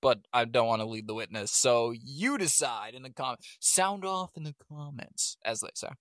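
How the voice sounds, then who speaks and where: A man co-hosting a podcast in casual chat, animated and sarcastic, laughing often. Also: medium pitch, normal speed, no room sound, clean studio sound. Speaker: podcast co-host.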